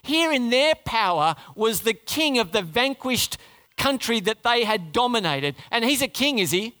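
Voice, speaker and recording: A man preaching a sermon, retelling a story with rhetorical questions and dramatic drops into a low, quiet voice. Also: sing-song, measured pace.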